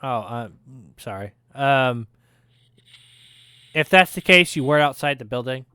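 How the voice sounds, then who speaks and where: A man running a tabletop game as game master, narrating in a slow, hesitant way with many fillers. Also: medium pitch, lively intonation, pushed and bright, smooth, no echo.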